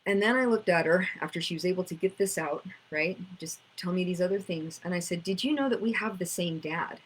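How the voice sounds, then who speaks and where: A woman's voice: on the low side, a little fast, slightly rough, rough recording. A woman, teaching about inner child work in a casual storytelling way, acting out conversations. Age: 50s.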